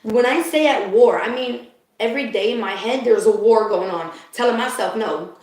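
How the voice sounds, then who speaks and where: A woman with a fairly high voice gives a live spiritual card reading, speaking straight to her viewers. She is emotional and confiding, laughs easily, and keeps checking that the listener is following. The recording is drenched in the echo of a bare room. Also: moderate pace, darkish tone. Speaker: spiritual reader. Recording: very echoey room.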